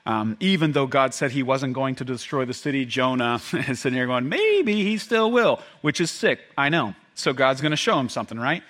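A man preaching a sermon to his congregation, animated and joking, often acting out the voices of the people in the story. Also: mid-range voice, brisk, few pauses. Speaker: pastor.

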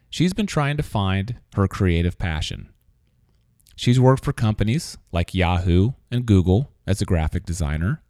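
A man hosting a podcast, reading a scripted introduction and then chatting with a guest in a relaxed, conversational way. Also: lowish voice, no room sound, clean studio sound. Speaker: podcast host. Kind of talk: scripted narration and casual interview.

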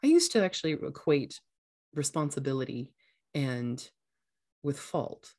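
A woman's voice: low voice, very animated, measured pace, darkish tone. A woman hosting a casual podcast, talking earnestly as a coach and acting out voices now and then. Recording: echoey room sound.

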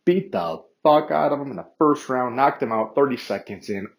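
A man's voice: medium pitch, animated, moderate pace, rough recording. A man hosting a casual solo sports podcast, rambling, swearing freely and mocking himself as he goes. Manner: rambling, profane and self-mocking; chatty, with many fillers and restarts. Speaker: podcast host.

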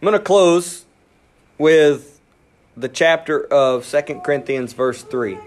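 A man preaching a sermon, animated, acting out inner voices and dropping his voice low for emphasis. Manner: animated, acts out inner voices, quickens and drops to near whisper. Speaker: pastor.

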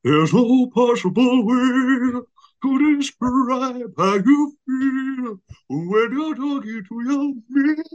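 Brief: man putting on a famous actor crooning slowly, high and theatrical. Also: muffled recording. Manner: drawn-out, theatrical singing. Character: impression of a famous actor singing, grown man.

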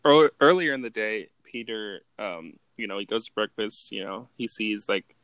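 A man's voice: on the low side, moderate pace, fairly bright tone, no echo. A man co-hosting a podcast, retelling movie scenes in casual chat and laughing often. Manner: laid-back, laughs often, acts out quotes in voices. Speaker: podcast co-host.

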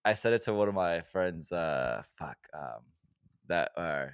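A young man co-hosting a podcast, telling stories in a relaxed, laughing way and swearing a lot. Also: low-pitched, unhurried, smooth, no room sound, studio quality. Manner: laid-back, swears a lot, laughs often. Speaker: podcast co-host. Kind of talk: casual chat.

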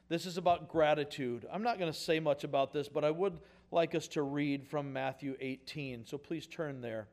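A male pastor with a slightly high voice delivers a sermon in a relaxed, folksy way. He talks straight to the congregation with casual asides. He builds up to louder, emphatic points and then drops back to quiet remarks. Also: normal speed.

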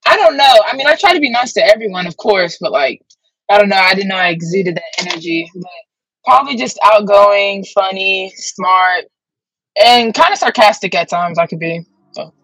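A woman's voice: medium pitch, animated, normal speed, fairly bright tone, no room sound, low-quality recording. Upbeat chatty young woman. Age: young adult. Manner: chatty, upbeat, lots of "like" fillers. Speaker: guest athlete. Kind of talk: casual interview.

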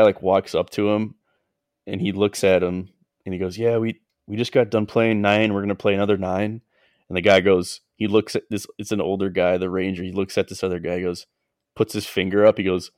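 A man's voice: low-pitched, a little mellow, no room sound, clean studio sound. A man co-hosting a casual chat, telling a story with lots of fillers and frequent laughs. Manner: rambling, laughs often, many "like" fillers. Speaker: podcast co-host.

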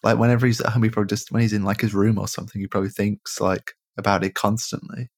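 Man, rambling jokey podcast chat, low voice. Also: level tone, rapid-fire, no echo, studio quality. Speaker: podcast co-host. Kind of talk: casual film discussion.

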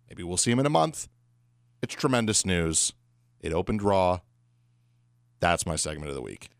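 A man's voice: fairly low pitch, a bit bright, smooth, dry recording, clean studio sound. A man co-hosting a wrestling podcast in casual chat, opinionated and wry. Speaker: podcast co-host.

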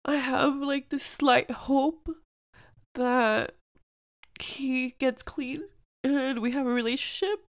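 A woman's voice: high-pitched, slow, long pauses. A young woman hosting a personal podcast, speaking earnestly and emotionally, with many "like"s and "um"s. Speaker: podcast host.

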